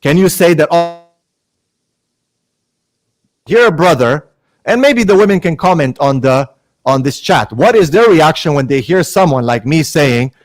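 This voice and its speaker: A man's voice: on the high side, lively intonation, moderate pace, no echo. A man arguing his side in a heated online debate, pointedly mixing Arabic religious terms into his speech.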